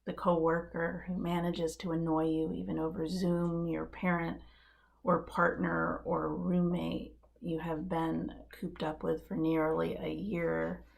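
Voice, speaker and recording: A woman minister giving a sermon from her living room, telling a story in a measured, earnest way with quiet emphasis. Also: on the low side, little pitch movement, gravelly. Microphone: live-stream setup.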